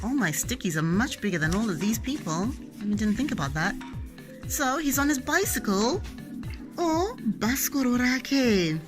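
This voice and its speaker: A woman's voice: fairly high pitch, expressive, normal speed, music in the background. A young adult woman, a mother playfully teaching her child words with toys, sing-song and making animal sounds. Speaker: parent teaching Shona words.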